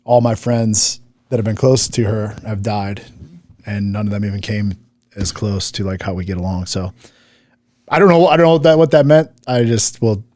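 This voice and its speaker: A man's voice: fairly low pitch, moderate pace, a little mellow, no echo. A man co-hosting a casual chat, mocking commenters in a cocky way and swearing freely. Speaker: podcast co-host.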